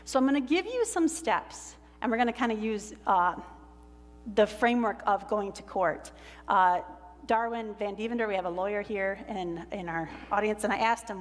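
A woman's voice: mid-range voice, a little hiss or hum. Woman pastor preaching in a reverberant hall. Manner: animated storytelling, slows for quoted lines. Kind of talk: sermon retelling a Bible story. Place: church sanctuary.

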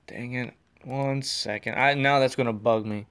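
Male podcast host, mid pitch, rambling and self-deprecating, recorded in a car. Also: fairly even intonation, normal speed, a bit bright, smooth. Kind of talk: casual solo podcast. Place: in a car on the road.

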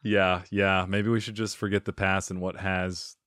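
A man's voice: low voice, normal speed, clean tone. A man hosting a podcast, chatting casually and playfully quizzing his guest, laughing often. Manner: animated, laughs often, playful quiz-giving. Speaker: podcast host. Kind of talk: casual interview chat.

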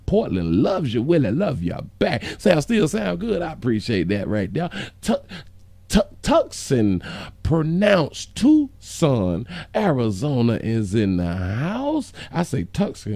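A man from St. Louis hosting a joking livestream, hoarse from losing part of his voice, calling out shout-outs and breaking into squeaky high greetings. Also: no room sound. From St. Louis, Missouri. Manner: loud shout-outs, sudden squeaky high "hey sugar" bits. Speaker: livestream host reading chat. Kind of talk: joking casual livestream chat.

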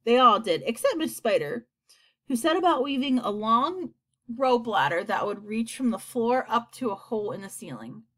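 A woman reading a children's story aloud in an expressive, animated way. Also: a little high, moderate pace. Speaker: audiobook reader. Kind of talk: storybook narration.

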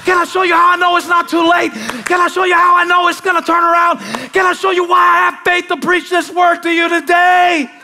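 A man preaching a sermon to a church crowd, starting hushed and building to shouting, repeating lines for emphasis. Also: extremely high pitch, completely flat delivery, a little fast, few pauses, background noise. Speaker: pastor. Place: large church auditorium.

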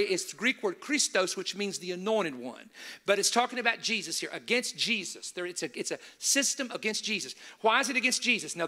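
A man's voice: high voice, pushed and bright. A male preacher giving an emphatic sermon to a live audience, stressing and repeating key points.

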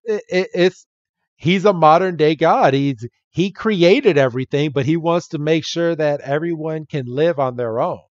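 A man's voice: a little high, moderate pace, no room sound, muffled recording. A man co-hosting a podcast, casually recapping an episode, laughing often and mimicking characters' lines. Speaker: podcast co-host.

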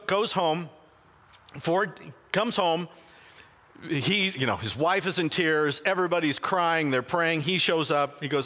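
A male pastor telling a story during a sermon, animated and conversational, often restarting his sentences. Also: high voice. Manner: animated anecdotal retelling with frequent restarts. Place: church sanctuary. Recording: long reverb of a church hall.

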